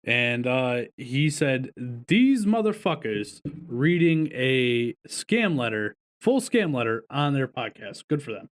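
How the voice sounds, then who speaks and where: A man's voice: medium pitch, very animated, slow pace, hardly any pauses. Blunt, dismissive man podcaster. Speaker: podcast host. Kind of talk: casual chat.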